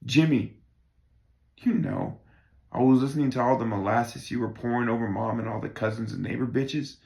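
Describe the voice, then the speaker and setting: A man's voice: mid-range voice, moderate pace, gravelly, darkish tone, close to an everyday voice. A man cold-reading a play, playing a crude, belligerent working-class man who rambles and swears constantly. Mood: scornful. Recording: roomy echo.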